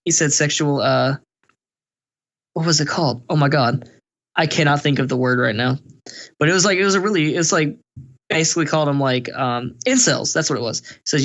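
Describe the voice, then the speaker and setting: A man's voice: a little high, fairly quick, a bit bright. A young man ranting casually on a podcast, rambling and profane, stopping often with fillers. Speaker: podcast co-host. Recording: dull lo-fi podcast recording.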